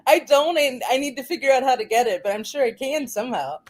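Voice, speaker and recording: A woman guest in a casual online interview, telling her story in an animated way. Her voice is fairly high, with pitch that swings widely, and she laughs between her sentences. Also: fast.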